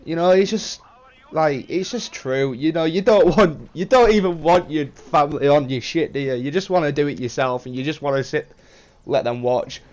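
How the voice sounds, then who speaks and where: A man's voice: a little high, normal speed, a little mellow. Rambling young British man vlogging. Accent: British English. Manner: rambling, repeats himself, swears casually. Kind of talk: casual vlog chat.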